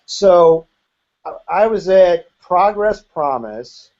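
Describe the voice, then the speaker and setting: Here the same kind of guest, a man in his fifties who once belonged to the group, speaks slowly and expressively in a high, slightly mellow voice. He is frank in the interview and sometimes swears, and the highs in the recording are cut off.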